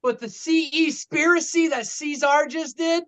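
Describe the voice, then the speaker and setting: A woman's voice: high-pitched, measured pace, a bit bright. A woman co-hosting a podcast, chatting casually and giving short, punchy ratings. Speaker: podcast co-host. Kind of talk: casual chat.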